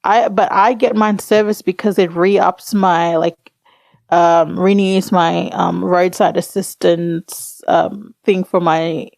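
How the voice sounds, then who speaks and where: A woman's voice: lowish voice, steady tone, slow pace, gravelly, darkish tone, no echo. A woman co-hosting a podcast, chatting casually with short, laid-back replies. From Australia. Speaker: podcast co-host. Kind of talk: casual chat.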